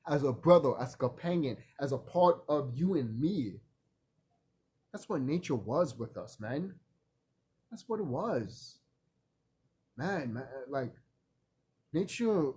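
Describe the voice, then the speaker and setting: Husky-voiced man rambling on a vlog. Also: on the high side, big pitch swings, moderate pace, darkish tone. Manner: profane, emphatic, repeats himself, laughs often. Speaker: vlogger. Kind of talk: casual rambling monologue.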